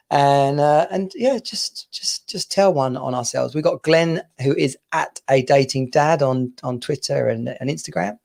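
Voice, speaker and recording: Man, from the UK, podcast host, gravelly voice, mid-pitched, chatty rambling storyteller. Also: normal speed, hardly any pauses, a little mellow. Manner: rambling, chatty storyteller who laughs often. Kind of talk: casual chat.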